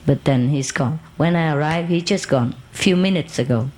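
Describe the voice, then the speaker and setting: With a low voice at a normal pace, a woman who works as a spiritual teacher tells an audience a long story from her own life in loose, broken English, and the low-quality recording carries a little hiss or hum. She laughs often and acts out the people involved, making the anecdote animated and full of quoted voices.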